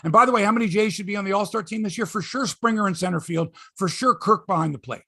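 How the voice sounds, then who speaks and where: A man's voice: sits high, fast, vocal fry, slightly rough, no echo, clean studio sound. A man with a Canadian accent hosting a sports talk show, telling stories animatedly and swearing freely. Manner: lively storyteller, swears, mimics others. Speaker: host.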